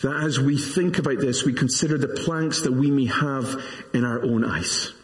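A pastor in his forties delivers a sermon in an earnest, measured voice, now and then dropping in a self-deprecating aside. His voice sits at an ordinary middle pitch for a man. The sound rings around a large church hall with a long, roomy reverb.

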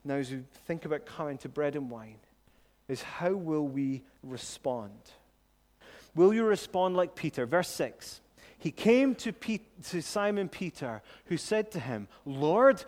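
A man preaching with unhurried, deliberate phrasing and a slightly raised pitch. His voice rings out with a long echo, as in a large church hall. He sinks low and soft when he drives a point home. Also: lively intonation. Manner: earnest, slow and deliberate, dropping low and soft for emphasis. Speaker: pastor. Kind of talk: sermon.

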